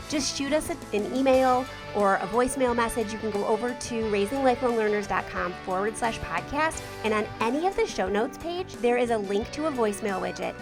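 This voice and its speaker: Chatty host over background music. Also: female voice, a little high. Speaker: podcast host. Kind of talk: casual podcast talk and sponsor read.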